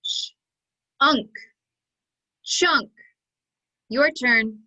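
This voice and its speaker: A woman leading a phonics drill at a very slow, careful pace, sounding out each piece before blending it. Her voice is bright and a little high, pitched for young learners. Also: poor audio. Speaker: phonics teacher. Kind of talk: online phonics lesson.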